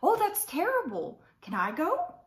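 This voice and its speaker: A woman's voice: very high-pitched, huge pitch swings, a little slow, voice pushed up, full character voice. A woman voicing an eager, gobbling turkey, in a roomy recording. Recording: roomy echo.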